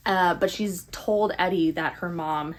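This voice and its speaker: A young woman chatting casually through a book review, animated and sarcastic. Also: fairly low pitch, a little slow. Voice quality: animated, sarcastic, eye-rolling. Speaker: book vlogger.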